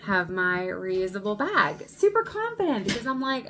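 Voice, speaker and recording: A woman vlogger telling a personal story in an animated, indignant way. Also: medium pitch, moderate pace, hardly any pauses, a little hiss or hum. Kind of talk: storytime vlog.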